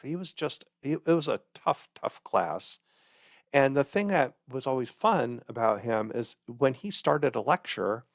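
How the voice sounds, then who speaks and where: A man's voice: fairly low pitch, vocal fry, no room sound, clean studio sound. A man in his sixties, a podcast host who tells a story in a rambling, hesitant monologue and chuckles now and then. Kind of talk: casual monologue.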